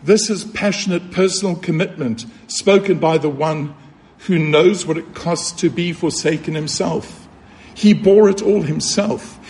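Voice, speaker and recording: Male preacher, earnest and emphatic, slightly high voice, sermon delivery. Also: a little mellow. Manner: earnest, emphatic, with rhetorical questions and repetition.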